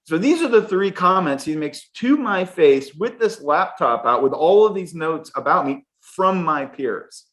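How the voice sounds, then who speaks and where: A middle-aged man, a podcast guest, telling a candid personal story in an animated way. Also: a little high. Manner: candid, animated, fast bursts. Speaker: podcast guest, sales executive. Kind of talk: storytelling interview answer.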